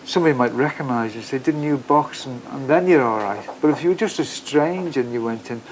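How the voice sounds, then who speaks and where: An older man with a Liverpool accent, a retired boxer speaking in a documentary interview, halting and repeating his words as he goes. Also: medium pitch, lively intonation, a little hiss or hum, poor audio. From Liverpool, England. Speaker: retired boxer and cafe owner.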